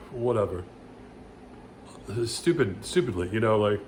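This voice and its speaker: A man's voice: on the low side, expressive, takes it slowly. Rambling man coaching voice exercises. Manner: rambling, with many restarts and loud sung vowel demos. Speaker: vocal coach. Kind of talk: casual vocal lesson with demonstrations.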